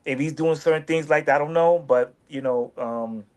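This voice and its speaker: Animated man telling a story casually. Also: fairly high pitch, moderate pace. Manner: animated, repetitive, acts out quoted dialogue. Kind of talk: casual street-talk storytelling.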